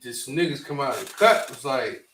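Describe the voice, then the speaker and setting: A man co-hosting a podcast, talking laid-back and slangy, with halting restarts. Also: mid-range voice, expressive, a bit bright, distant mic, a little hiss or hum. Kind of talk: casual chat. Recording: roomy echo, off-mic.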